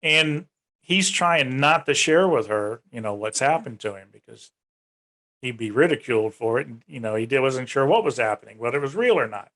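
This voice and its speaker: A man of middle pitch being interviewed on a podcast, telling a personal story in an easygoing, chatty way. He talks in long unbroken runs and jumps his voice upward whenever he acts out what someone else said. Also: lively intonation, moderate pace, fairly bright tone. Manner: retells events in long runs, raising his pitch to act out quoted speech. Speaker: UFO research organization director, guest.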